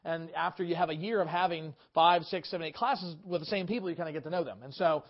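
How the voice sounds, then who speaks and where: A man's voice: on the high side, fast talker. A man preaching a sermon as pastor, earnest and stopping often on fillers and restarts. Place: church service. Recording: dull lo-fi sermon recording.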